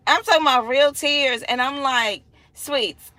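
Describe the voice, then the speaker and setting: Bright-voiced woman telling a story. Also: high voice, measured pace, few pauses, no room sound. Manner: animated, acts out quoted voices, laughs often. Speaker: vlogger. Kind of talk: casual storytelling chat.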